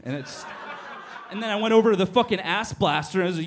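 A man telling stand-up stories on a small cafe stage, animated and swearing freely as he acts out each scene. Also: high-pitched, fairly quick. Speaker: stand-up comedian. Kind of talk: stand-up storytelling.

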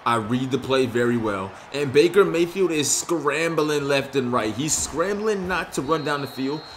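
In casual gameplay commentary at normal speed, a young gaming YouTuber talks through his own video game with plenty of slang. There's faint background noise beneath his mid-pitched voice, and he reacts with excitement to big plays and frustration to setbacks.

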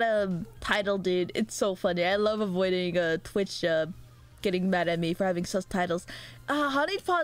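A young woman streamer chatting casually and giggling with her viewers. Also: fairly high pitch. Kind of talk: casual livestream chat.

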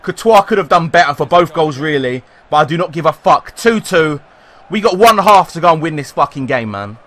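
A man from England commentating live on his own football video game, excitable and swearing, swinging between yelling at the players and deflated muttering. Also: fairly high pitch, fairly quick. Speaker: gaming YouTuber.

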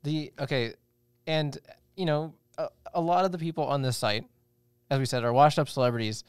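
A man's voice: fairly high pitch, fairly quick, smooth, no room sound. A young man co-hosting a casual podcast, rambling and joking with many restarts. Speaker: podcast co-host. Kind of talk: casual chat.

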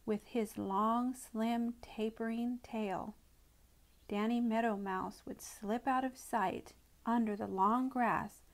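A woman reads a children's animal story aloud in an expressive, gentle manner. Her voice sits a bit high, and she takes her time over every phrase. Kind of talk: storybook read-aloud narration.

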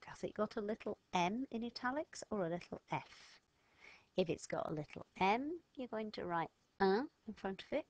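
A woman, teaching a recorded French lesson to children, sounding words out slowly and patiently. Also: lowish voice, no room sound.

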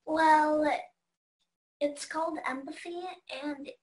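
A woman's voice: sits high, fairly even intonation, slow, a little mellow, roomy sound, poor audio. An eight-year-old girl answering questions in short, shy replies in her bedroom. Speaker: guest.

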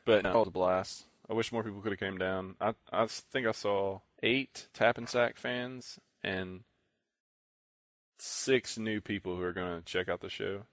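A man's voice: on the low side, fairly even intonation, unhurried, no room sound. A young man co-hosting a podcast in casual chat, rambling through a story and acting out what other players said. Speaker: podcast co-host.

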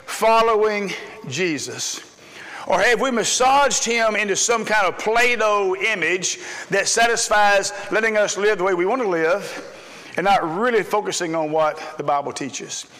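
A man's voice: sits high, bright, forceful tone. A male preacher delivering an earnest, folksy sermon with humorous asides in a church. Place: church sanctuary. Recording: reverberant church hall.

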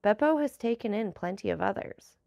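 Storybook bandit messenger, humble and respectful, gravelly, close and dry, read by a woman. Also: mid-range voice, animated, a little fast, mellow, dry recording. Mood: deferential, telling. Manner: deferential, explaining. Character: grateful, deferential bandit messenger, Peppino.

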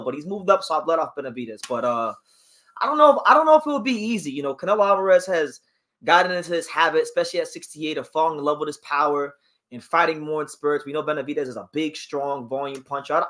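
A man's voice: a little high, fairly bright tone. A man hosting a casual boxing livestream, reading viewer comments aloud and giving his opinions on fighters. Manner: chatty, reads viewer comments aloud and reacts. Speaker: boxing channel host.

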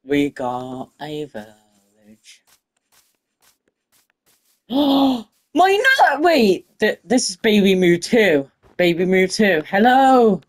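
A woman giving casual, excitable commentary while playing a game and talking to the animals in it. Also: mid-range voice, very slow, pauses often. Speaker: gaming video creator.

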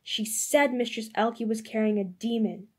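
A woman reading an audiobook voices a nosy neighbor woman who eagerly joins an accusing crowd, pitched higher and louder than her narration. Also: moderate pace, natural voice.

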